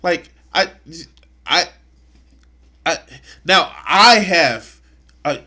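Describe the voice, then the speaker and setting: A man's voice: high voice, animated, drawn-out words, pushed and bright. A man streaming live, commenting on clips in a mocking, crude way. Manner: mocking, crude, bursts into laughter.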